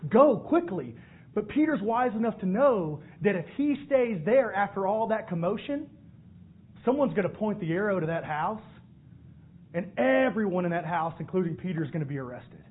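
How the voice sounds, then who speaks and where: Husky high-voiced male preacher, tinny. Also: moderate pace. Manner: animated storytelling, acts out voices. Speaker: pastor. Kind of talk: sermon. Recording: phone-like narrow band.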